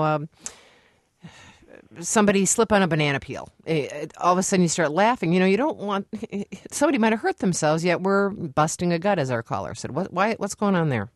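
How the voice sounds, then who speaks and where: A woman hosting a call-in radio show, chatty and quick to laugh as she asks questions. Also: medium pitch, no room sound, clean studio sound. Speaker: radio host.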